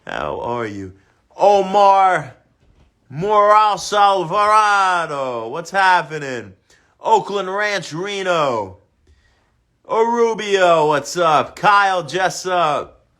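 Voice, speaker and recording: A young man hosting a casual fitness livestream, explaining warm-ups and giving upbeat shout-outs to viewers. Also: high voice. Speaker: fitness host.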